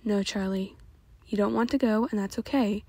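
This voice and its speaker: A woman voicing a protective teenage boy who speaks calmly and firmly. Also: mid-range voice, normal speed, husky, dry recording. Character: protective teenage boyfriend, gentle but firm.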